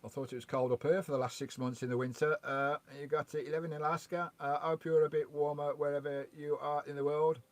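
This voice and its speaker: A man's voice: on the high side, little pitch movement, fast, hardly any pauses, no room sound. Chatty man hosting a vanlife livestream. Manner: chatty, greets and reads out viewers' chat messages. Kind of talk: casual live-stream chat. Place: outdoors by a loch beside his van. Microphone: remote microphone.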